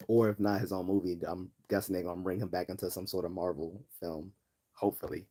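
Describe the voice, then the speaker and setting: A man's voice: sits low, fairly even intonation, fast talker, warm tone, husky. A man from Baltimore hosting a casual livestream, reading chat comments aloud and rambling with many fillers and restarts. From Baltimore, US East Coast. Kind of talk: casual live-stream chat.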